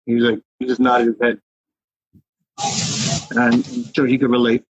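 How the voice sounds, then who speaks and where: New guy telling wild stories, cursing a lot, husky voice, dry dull recording. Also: medium pitch, normal speed, dry recording. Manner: profane, rambling, animated storyteller. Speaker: interview guest, graffiti writer. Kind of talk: casual storytelling interview.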